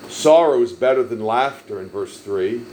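A man preaching a sermon, telling stories emphatically and swelling loud on key lines. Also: medium pitch, animated, moderate pace, slight background noise, rough recording. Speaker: pastor.

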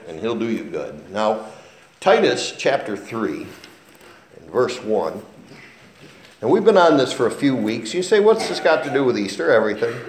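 Folksy preacher in an echoing hall. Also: male voice, mid-range voice. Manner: folksy storytelling preacher, animated delivery. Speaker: pastor. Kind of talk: sermon. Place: church sanctuary. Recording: very echoey church hall.

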